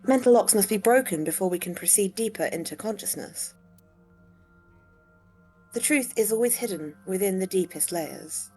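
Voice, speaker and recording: A woman voicing a dry, sarcastic female AI partner, reading game dialogue aloud in a deadpan way. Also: mid-range voice, normal speed, faint music behind, natural voice. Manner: deadpan, teasing.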